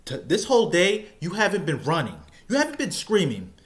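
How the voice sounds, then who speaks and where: A man voicing a bullying male Marine drill instructor who barks orders and swings from calm threats to screaming. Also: a little high, fairly quick, voice pushed up. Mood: menacing. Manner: shouts orders, switches from calm menace to screaming.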